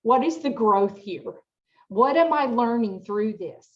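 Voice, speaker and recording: Expressive woman presenter on a muffled call. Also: on the high side, measured pace. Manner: expressive, chatty, rhetorical questions to the audience. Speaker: workshop presenter. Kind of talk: interactive online workshop talk.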